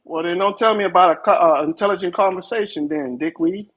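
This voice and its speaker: An American man with a high, husky voice trash-talks and goads the others without letup. He speaks in a heated, mocking casual argument. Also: fast, a bit bright. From United States. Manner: taunting, trash-talking. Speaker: host.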